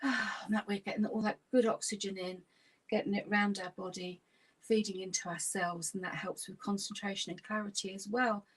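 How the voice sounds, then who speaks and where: A woman, a laughter yoga leader gently guiding an online exercise class through stretches and breathing. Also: mid-range voice, fairly even intonation, moderate pace, slightly rough.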